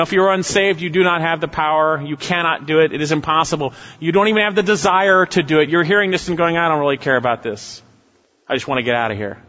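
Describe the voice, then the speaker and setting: A male pastor preaches with emphasis, his somewhat high voice climbing for urgent appeals and sinking into quiet, low asides. The sound is muffled and lo-fi. His voice rings with a long reverb, as in a large church hall. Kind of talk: sermon.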